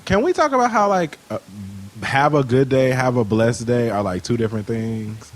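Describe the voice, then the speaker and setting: A man's voice: medium pitch, expressive. A male guest on a podcast joins the casual chat with a mid-range voice. He jokes around playfully and readily leans into the banter. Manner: playful, jokey, quick to laugh.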